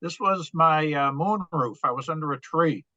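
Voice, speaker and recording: A man with a bright, fairly high voice explains his photo in a relaxed, joking way. He sounds dry and muffled, a little away from the mic. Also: moderate pace, no room sound. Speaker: club member. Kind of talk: casual chat.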